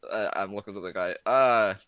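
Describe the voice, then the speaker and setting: A man's voice: on the low side, brisk, a bit bright, no room sound, highs cut off. A man playing a tabletop game, joking and asking eager questions. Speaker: player. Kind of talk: casual tabletop game chat.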